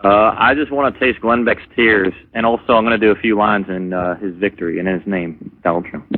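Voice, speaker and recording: Low-voiced caller on a tinny line. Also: male voice, steady tone, brisk, slight background noise. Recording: tinny phone-line call.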